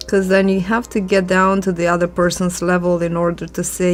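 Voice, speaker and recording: A woman's voice: fairly low pitch, monotone, brisk. A woman art vlogger chatting casually and musing aloud while she draws, opinionated and given to sighs. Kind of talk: casual chat while drawing. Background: faint background music.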